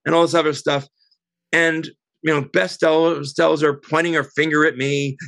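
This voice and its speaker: A middle-aged woman as an interview guest, telling a heated story in an animated, indignant way. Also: low voice, moderate pace, no room sound. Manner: animated, indignant, quotes others.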